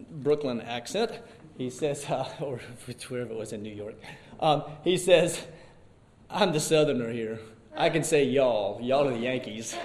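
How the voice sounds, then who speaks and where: Man, slightly higher voice, eager Bible class teacher, rambly delivery with restarts. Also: a little mellow, echoey room. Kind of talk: Bible class talk and prayer.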